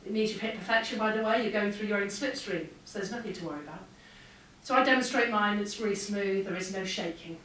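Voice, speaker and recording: A woman, a former air force pilot, giving a lively motivational keynote and acting out the dialogue in her stories. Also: mid-range voice, fast talker. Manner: lively anecdotal, acts out dialogue. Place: large hall with an audience. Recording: echoey hall, distant mic, faint hum.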